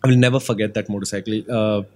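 A man on a podcast, telling stories in a lively, animated way that moves between calm and excited. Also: lowish voice, very fast. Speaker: motorcycle journalist, podcast guest. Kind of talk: casual podcast conversation.

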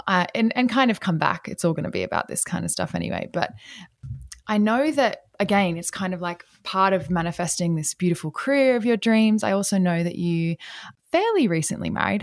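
A woman's voice: medium pitch, expressive, a little fast, creaky, no room sound, studio quality. A woman hosting a podcast interview, talking in a gushing, casual way about spiritual growth. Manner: gushing, spiritual wellness talk. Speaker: podcast host.

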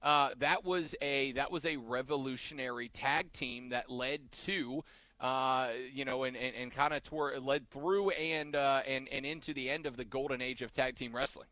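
A man's voice: mid-range voice, steady tone, moderate pace, bright, forceful tone, no room sound. A man hosting a casual podcast chat, rambling and backtracking mid-sentence as he talks.

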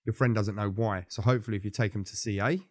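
A man's voice: fairly low pitch, fairly even intonation, quick pace, no room sound, studio quality. A man co-hosting a podcast, giving earnest, blunt advice and swearing casually. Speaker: podcast co-host. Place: podcast studio.

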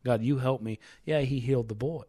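A man's voice: mid-range voice, a little fast, dark tone, husky. A man hosting a casual faith discussion, talking things through conversationally with restarts and reading scripture aloud with rising emphasis.

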